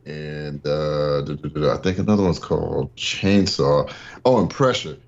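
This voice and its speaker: A man's voice: rumbling low, steady tone, normal speed, muffled recording. A man chatting casually on a podcast, rambling with lots of fillers and restarts. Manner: rambling, many fillers and restarts, laughs while telling stories. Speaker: podcast guest. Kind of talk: casual chat.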